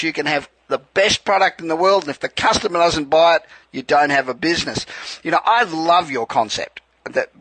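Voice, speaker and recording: A man's voice: on the high side, bright, forceful tone, dry recording, poor audio. An Australian man hosting a radio interview, gushing with praise in a conversational way. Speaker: radio show host.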